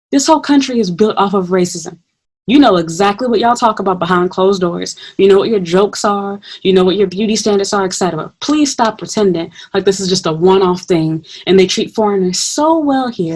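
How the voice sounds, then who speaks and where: A young woman vlogger talking at home in a blunt, heated, profane rant to her viewers. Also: mid-range voice. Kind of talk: ranting vlog monologue.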